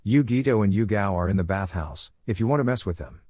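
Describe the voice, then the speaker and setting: A man's voice: lowish voice, animated, fast, a little mellow, dry recording. A man voicing a cheerful, teasing young ninja father in a fan-fiction reading.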